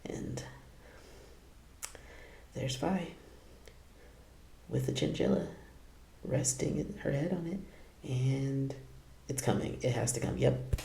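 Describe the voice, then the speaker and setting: A man's voice: mid-range voice, takes it slowly, vocal fry, pauses often, dark tone, roomy sound, slight background noise. A man hosting a casual reaction video, laughing often and tossing out playful asides.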